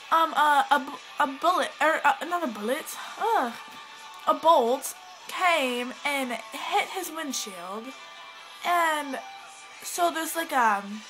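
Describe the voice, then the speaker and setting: The poor audio captures a woman vlogging in a high, bright, forceful voice with an affected, mixed British accent. She rambles casually in a dramatic, scattered, giggly manner over faint music.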